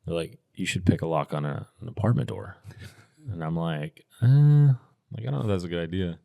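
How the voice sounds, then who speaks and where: Podcast guest, middle-aged man, very low voice, relaxed storyteller with lots of restarts. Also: fairly quick, gravelly, no room sound, clean studio sound. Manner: laid-back, rambling with restarts and fillers. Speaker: podcast guest, firearms instructor. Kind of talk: casual storytelling.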